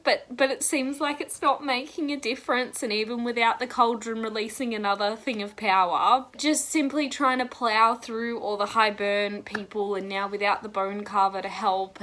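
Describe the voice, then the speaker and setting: Gushing woman, bright voice. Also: fairly high pitch. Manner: gushing, rambling and emotional. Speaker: book vlogger. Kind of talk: casual reading vlog.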